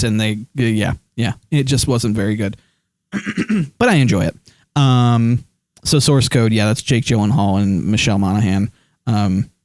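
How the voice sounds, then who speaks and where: A man with a fairly low, darkish voice streams live, sitting close to his desk microphone with no echo. He chats casually about his movie collection, rambling with lots of ums and restarts and reading the chat aloud.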